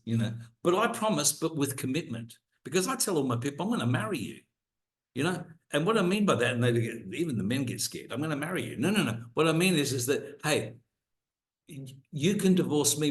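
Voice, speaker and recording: A middle-aged man coaching his team on a video call, earnest and promising, with frequent restarts. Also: medium pitch. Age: 40s or older. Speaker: co-host, business coach. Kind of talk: motivational call talk.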